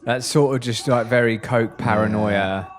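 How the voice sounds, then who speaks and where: A man co-hosting a podcast, chatting casually and reacting with quick interjections. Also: mid-range voice, fairly even intonation, soft background music. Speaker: podcast co-host.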